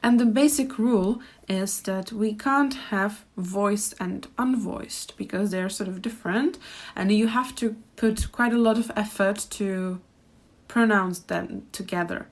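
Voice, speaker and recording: In a pronunciation lesson, a young Czech-accented woman works as a language teacher, repeating words with care for learners. She talks at a measured pace in a medium-pitched voice.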